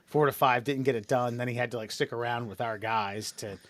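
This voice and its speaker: A man's voice: medium pitch, fairly even intonation, brisk. A man co-hosting a casual podcast chat, profane and mocking, who mimics other people in exaggerated voices. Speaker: podcast co-host.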